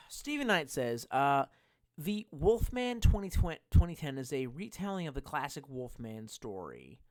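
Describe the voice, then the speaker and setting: A drunk man streaming, reading chat aloud and rambling with constant swearing and sudden loud outbursts. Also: on the high side, sing-song, measured pace. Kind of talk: casual live-stream chat.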